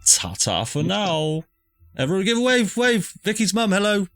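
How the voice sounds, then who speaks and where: A man's voice: high-pitched, sing-song, moderate pace, a bit bright, no echo. A man narrating as game master of a tabletop game, chatty and casual. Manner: casual, chatty, self-correcting.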